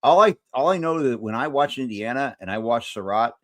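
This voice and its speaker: A man with a medium-pitched voice joins a casual sports discussion as a guest. He thinks aloud and stumbles through restarts as he talks. The recording is dry and close. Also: animated, brisk, a bit bright, no room sound.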